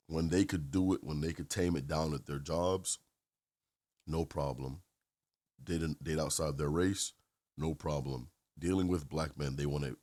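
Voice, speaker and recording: Male channel host, very deep bass voice, opinionated reaction commentary, repetitive emphasis. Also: darkish tone. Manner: opinionated, repeats phrases.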